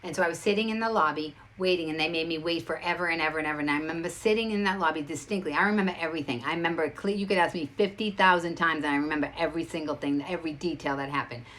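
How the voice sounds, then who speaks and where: Female host, low-pitched, rapid and emphatic, storytelling to camera. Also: fairly bright tone. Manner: rapid, emphatic, restarts a lot. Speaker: show host.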